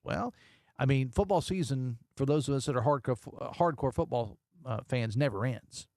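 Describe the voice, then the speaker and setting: A man's voice: mid-range voice, moderate pace, a little mellow, no echo. A man hosting a casual call-in radio show from a studio, joking and reading listener texts aloud. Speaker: radio talk show host. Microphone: studio microphone.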